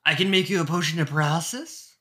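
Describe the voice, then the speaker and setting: A man's voice: on the high side, quick pace, bright, forceful tone, voice pushed up. A man doing a pirate-voiced gnome alchemist. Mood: wheedling. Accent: put-on pirate accent. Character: gruff male gnome alchemist with a pirate accent, shrewd shopkeeper. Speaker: shopkeeper character.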